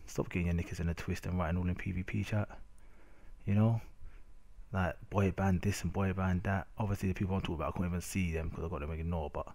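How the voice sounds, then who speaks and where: Talking fast in a deep, darkish voice with fairly even intonation, a young Londoner rants casually over his gameplay video. Slang is everywhere, along with plenty of "innit".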